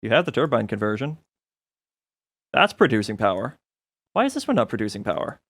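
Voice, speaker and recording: A man with a mid-range, slightly bright voice streams a modded building game, talking briskly and with lots of animation as he thinks aloud. He chats casually, mocks himself, and often laughs at his own mistakes, with no room sound in the recording.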